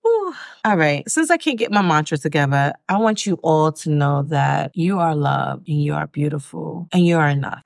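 A woman's voice: low-pitched, gravelly, no room sound, studio quality. A woman hosting her own self-help podcast, speaking frankly and emphatically and swearing freely. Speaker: podcast host.

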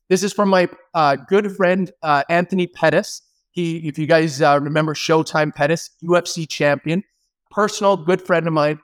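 High-voiced, punchy motivational man. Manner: energetic, emphatic, punchy exclamations. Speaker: podcast guest, business leader and speaker. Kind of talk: motivational advice in an interview.

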